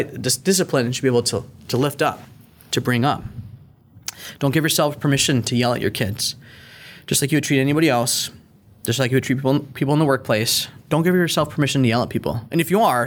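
A middle-aged man hosting a faith-based parenting podcast, earnest and animated, sometimes acting out an angry parent. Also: medium pitch, a little hiss or hum. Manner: earnest, animated, acts out yelling at his kids. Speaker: podcast host.

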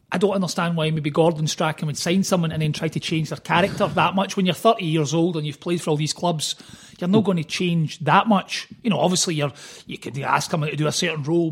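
A man, an author guest on a podcast, telling stories in a fast, animated way. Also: a little high, husky. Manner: fast, animated storytelling with quoted voices. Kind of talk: casual podcast chat.

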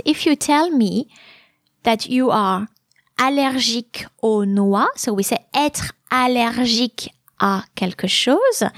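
A woman's voice: on the high side, dry recording, clean studio sound. Chatty woman hosting a French lesson podcast. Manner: chatty and explanatory, with frequent "uh" fillers. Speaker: podcast host and French teacher.

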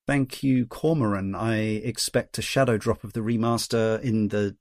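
A man's voice: fairly low pitch, steady tone, moderate pace, darkish tone, dry recording, studio quality. A man hosting a podcast, chatting casually and reading listener messages aloud with a Geordie accent. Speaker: podcast host.

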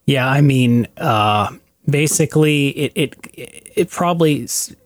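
A man's voice: medium pitch, measured pace, no echo. Rambling male podcast host. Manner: rambling questions with fillers and laughs. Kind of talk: casual interview chat.

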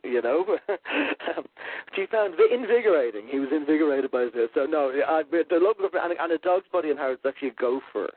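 Irish author guest, wry raconteur, husky, heard down a phone line. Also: male voice, fairly high pitch, lively intonation, fast, dry recording. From Ireland. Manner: chatty, self-deprecating storyteller. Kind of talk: radio interview.

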